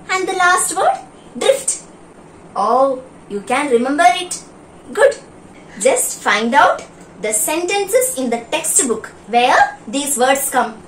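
A woman teaching an online primary school class, reading a story aloud and coaxing children through a list of words. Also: high-pitched. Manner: slow, deliberate, coaxing, questions to children. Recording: roomy and distant, faint background hum.

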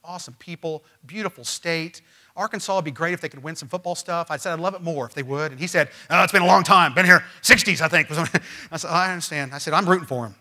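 A man preaching a sermon as pastor, emphatic and swinging from loud, rising lines to quiet ones. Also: a little high, fast talker. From Missouri. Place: church.

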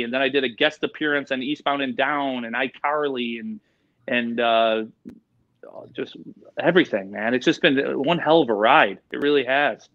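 A middle-aged man, a guest animal expert, telling stories in an excitable, rambling way full of fillers and quoted voices. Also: mid-range voice. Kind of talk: excited storytelling in casual interview. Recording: dull lo-fi sound.

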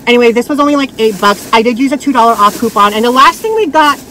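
A woman's voice: fairly high pitch, animated, sharp tone, slight background noise, low-quality recording. A woman in her thirties chatting casually about her thrift finds, blunt and full of "like" fillers. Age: 30s. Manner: chatty and blunt, many "like" fillers, quick laughs. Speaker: vlogger. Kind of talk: casual thrift haul chat.

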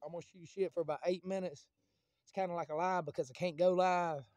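Man vlogger, high mellow voice, loose profane rambling. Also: steady tone, quick pace, no room sound, dull audio. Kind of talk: casual rambling monologue to camera.

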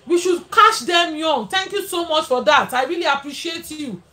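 A woman's voice: high-pitched, animated, moderate pace. A Nigerian woman hosting a casual live stream, thanking viewers and blessing them. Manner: warm blessings, frequent laughter.

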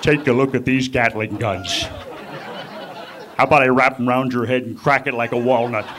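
A male comedian impersonating a boastful, threatening wrestler-turned-politician in a slow, deep, swaggering growl. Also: steady tone, background noise, natural voice.

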